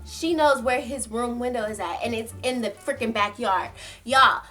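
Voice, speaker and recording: A woman's voice: on the high side, normal speed. A young woman telling a story to her viewers in casual, slangy talk, acting out quotes and laughing as she goes. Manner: animated, slangy, laughs often, acts out quotes. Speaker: storytime vlogger.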